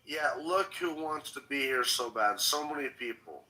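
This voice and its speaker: A man's voice: mid-range voice, expressive, normal speed, pushed and bright, poor audio. A man hosting a casual political livestream, talking bluntly and swearing often. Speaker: livestream host.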